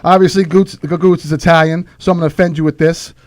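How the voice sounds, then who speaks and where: A man's voice: fairly high pitch, steady tone, quick pace, no echo, clean studio sound. A man with an Irish accent, a comedian trading roast insults with a joking, stumbling delivery. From Ireland. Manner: joking, stumbles over words. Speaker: comedian guest.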